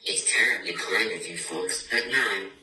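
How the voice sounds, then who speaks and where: A man's voice: sits low, a little slow. A man voicing a small, clever, bluffing mouse in a picture-book reading, in a playful sing-song voice. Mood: cheeky. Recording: echoey room, distant mic, noisy.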